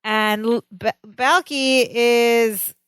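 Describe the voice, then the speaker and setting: A woman co-hosting a podcast, retelling a sitcom episode in a lively, laughing, storytelling way. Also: on the high side, drawn-out words, smooth, dry recording. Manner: animated storytelling, laughs often. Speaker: podcast co-host. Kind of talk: casual chat recapping a sitcom episode.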